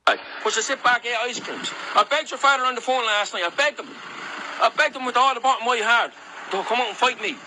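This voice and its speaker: A man's voice: extremely high pitch, fairly quick, background noise. A man in an angry, repetitive rant, taunting and insulting someone and challenging him to fight.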